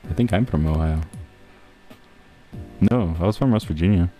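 A man's voice: low-pitched, moderate pace, mellow, soft background music. A man joking around in online voice chat, speaking in a theatrical, playful put-on persona over a headset mic. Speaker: streamer. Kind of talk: comedic voice-chat banter.

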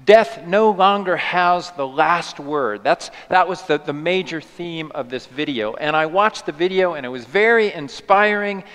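A man preaching a sermon as a pastor, telling the story in a lively, playful way. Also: a little high, measured pace, few pauses, clean tone. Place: church sanctuary. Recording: long church reverb.

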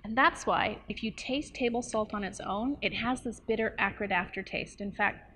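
Woman, nutrition coach, casual to-camera chat, explains plainly, playful asides, quick to laugh. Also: medium pitch, fairly bright tone, a little hiss or hum.

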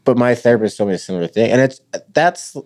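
A man's voice: mid-range voice, lively intonation, fast, darkish tone. A man hosting a podcast interview, answering with brief, sympathetic affirmations and sharing his own experience. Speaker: podcast host. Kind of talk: supportive interview chat.

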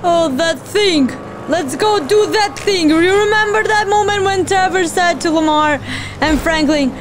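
A woman reacting to a game on her own channel, sounding teary and half laughing as she comments in a high voice. She talks slowly and drawn out, with clear background noise behind her. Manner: sing-song, teary, laughing. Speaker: gaming channel host.

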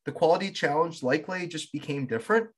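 A man hosting a podcast, with a slightly high voice. He speaks in a reflective, affirming way and muses philosophically on what his guest has said. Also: quick pace, slightly rough. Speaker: podcast host. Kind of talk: interview conversation.

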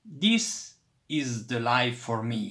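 A timid little country mouse, soft and plaintive, who only wants his quiet hedge, as a man voices him in a storybook. The voice sits a little above the reader's own, very slow and gentle, with a lilting rise and fall. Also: medium pitch, very animated. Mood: content. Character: timid homesick country mouse, small male. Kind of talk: children's storybook read-aloud.

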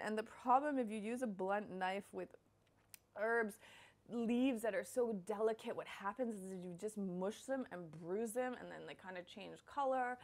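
A young woman hosting a casual cooking demonstration, bubbly and playful as she chops and explains. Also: medium pitch. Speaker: cooking show host.

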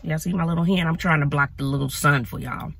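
Chatty woman, bright husky voice. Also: low-pitched, quick pace. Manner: chatty, animated, addresses viewers as y'all. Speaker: vlogger, teacher living in her car. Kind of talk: casual vlog talk to camera. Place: in or near her car outdoors in sun.

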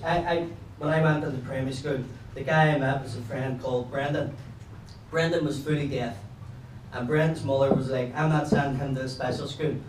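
A man with a Belfast accent doing a stand-up comedy set, rambling through crude stories and now and then breaking into loud shouts. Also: medium pitch, reverberant, recorded from a distance, noisy background. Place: pub comedy room with a laughing audience.

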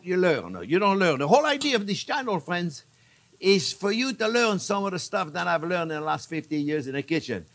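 A man's voice: high-pitched, sharp tone. An older man hosting a cooking show, chatting and joking with his viewers as he demonstrates a recipe in a kitchen. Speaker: chef and cooking show host. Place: home kitchen.

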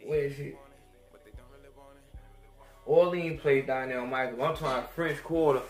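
A young man, a podcast host telling a crude story in a profane, animated rant that swings between loud outbursts and mutters. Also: mid-range voice, normal speed, echoey room, faint music behind.

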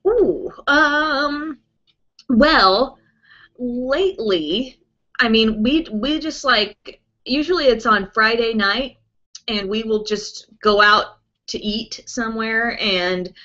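On a live stream, a woman beauty vlogger answers viewer questions in casual chat, rambling loosely with lots of fillers like "um" and "like." Her fairly high voice sounds bright and a little sharp. The stream's audio comes through dull and lo-fi.

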